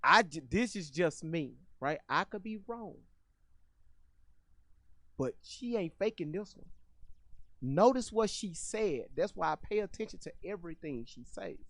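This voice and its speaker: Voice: mid-range voice, expressive, unhurried, fairly bright tone, no room sound. Reaction commentator, blunt, slangy, profane, dry close sound. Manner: blunt, slangy, profane, talks straight to viewers.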